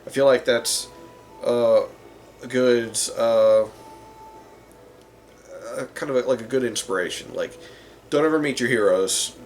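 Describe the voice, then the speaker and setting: A man's voice: mid-range voice, measured pace, pauses often, faint music behind. A man hosting a tabletop gaming channel, talking casually and rambling a bit with likes and uhs. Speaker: tabletop game channel host. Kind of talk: casual talk to camera about running games.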